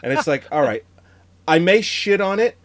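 A man in his thirties co-hosting a casual movie review podcast. He talks in a relaxed, rambling way with frequent laughs. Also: sits high, moderate pace. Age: 30s. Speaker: podcast co-host.

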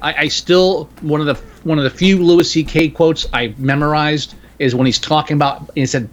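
A man's voice: on the high side, steady tone, normal speed, hardly any pauses, slight background noise. A man in casual chat, making blunt, dry wisecracks.

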